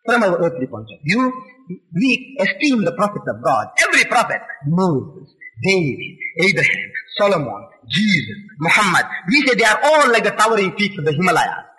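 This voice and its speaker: High, lively, very bright-voiced male lecturer. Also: moderate pace, poor audio. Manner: rhetorical, emphatic, many questions. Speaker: religious lecturer. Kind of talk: impassioned religious lecture.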